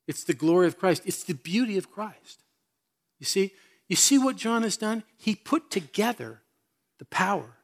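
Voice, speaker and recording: A man's voice: sits high, a bit bright. Earnest male pastor preaching. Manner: earnest, emphatic preaching with questions to the congregation. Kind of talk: sermon.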